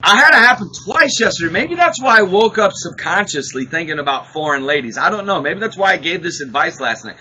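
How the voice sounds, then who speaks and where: A man hosting a podcast, telling a story in a casual, excitable way, acting out what people said and laughing often. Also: a little high, fairly quick, few pauses, slight background noise, low-quality recording. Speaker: podcast host. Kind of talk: casual chat, animated storytelling.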